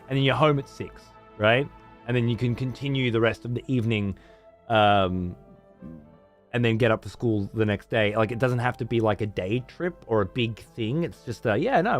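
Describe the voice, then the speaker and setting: A man's voice: mid-range voice, fairly even intonation, moderate pace, soft background music. A man streaming a game, chatting casually in a rambling, heavily profane way.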